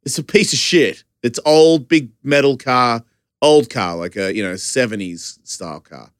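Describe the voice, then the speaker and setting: In a dry, studio-quality recording, an Australian man with a mid-range voice speaks a little slowly. He tells a chaotic story in casual chat, animated, swearing freely and laughing as he goes.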